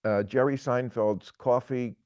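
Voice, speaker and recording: A man in his sixties giving opinionated political talk, halting and repeating words, then pressing his point emphatically. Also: medium pitch, fairly even intonation, no room sound, lo-fi sound. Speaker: guest commentator.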